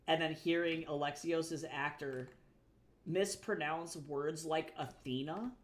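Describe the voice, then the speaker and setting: A woman's voice: sits low, fairly even intonation, slow. A woman streaming live as an artist, chatting casually with viewers, swearing freely and ranting with exasperation. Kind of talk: casual livestream chat.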